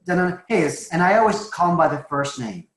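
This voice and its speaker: A man's voice: a little high, lively intonation, brisk, fairly bright tone. Chatty, joking man in an echoey room. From Massachusetts, US. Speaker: recruiting trainer. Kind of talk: casual webinar coaching.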